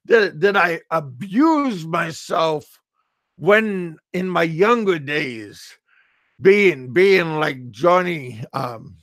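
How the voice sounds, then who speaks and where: This middle-aged American man, an expat vlogger, speaks slowly and without hurry in a gravelly voice pitched a little high, with lively intonation and a slightly bright tone. He rambles through a joking monologue, stammering, repeating words and chuckling often. The recording is dry and close.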